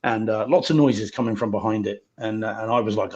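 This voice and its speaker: A man's voice: fairly low pitch, steady tone, fairly quick, darkish tone, dull audio. A man co-hosting a podcast in easygoing casual chat, with a lot of murmured agreement and light teasing. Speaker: podcast co-host.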